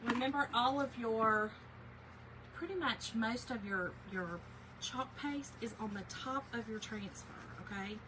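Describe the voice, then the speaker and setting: Against a noisy background, a woman with a fairly high voice works unhurriedly through a casual livestream craft tutorial. She addresses viewers by name and uses many fillers.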